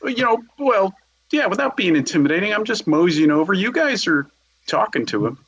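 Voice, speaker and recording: Easygoing male player, husky, higher voice. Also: sing-song, fairly quick, a bit bright, highs cut off. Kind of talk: tabletop role-play.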